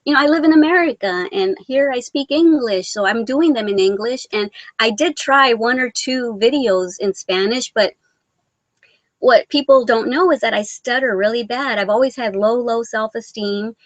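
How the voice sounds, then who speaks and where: A woman's voice: fairly high pitch, moderate pace, dry recording, low-quality recording. A woman of Mexican origin hosting a casual live vlog, reading out viewer comments in a rambling, sentimental, self-deprecating way. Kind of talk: casual live-stream chat.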